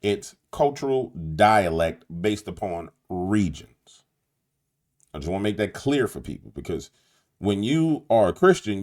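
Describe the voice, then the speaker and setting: A man's voice: low voice, darkish tone. A man with a New Orleans accent, hosting a late-night commentary monologue in an emphatic, preachy way, talking straight to his viewers. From Louisiana. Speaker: YouTube host.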